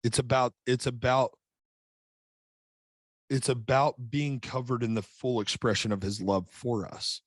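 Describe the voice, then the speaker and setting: Speaking a little slowly with long pauses and fairly even intonation, a middle-aged podcast guest who works as an author and coach shares a personal story in casual conversation. He tells it earnestly, restarting sentences many times. His medium pitch comes through clean studio sound with no room sound.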